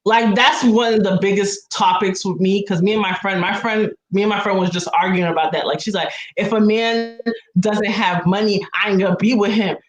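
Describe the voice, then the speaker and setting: A woman's voice: medium pitch, fairly even intonation, normal speed, roomy sound, dull audio. A woman in casual chat, rambling with frequent restarts and acting out what others said.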